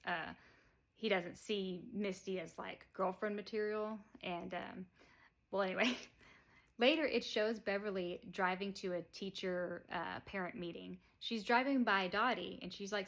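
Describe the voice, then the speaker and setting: A woman's voice: mid-range voice, fairly bright tone. A woman casually retells a movie plot in a rambling way. She leans on fillers and chuckles now and then. It sounds unscripted and easygoing. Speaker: movie reviewer.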